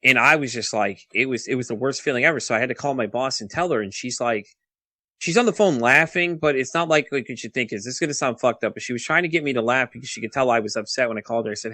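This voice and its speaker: Recorded close and dry with no room sound, a man in his thirties, a guest on a podcast, recounts a casual story. His mid-range voice is quick, bright, and forceful; he curses a lot and keeps restarting sentences as he hurries restlessly along.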